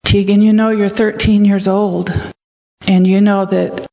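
A woman's voice: medium pitch, little pitch movement, a little slow, mellow, lightly acted. A woman voicing a firm but caring mother speaking to her son, in an echoey hall.

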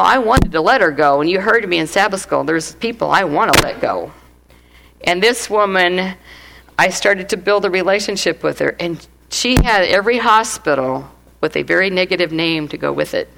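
Middle-aged woman, church testimony, lively storyteller, laughs a lot, acts out voices, faint noise behind. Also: mid-range voice, moderate pace, creaky. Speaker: church speaker giving a testimony. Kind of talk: testimony sermon.

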